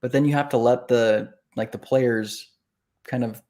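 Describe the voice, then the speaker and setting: Male author guest, casual chat, animated storyteller, mid-range voice. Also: mid-range voice, measured pace. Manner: animated storyteller, acts out quoted reactions.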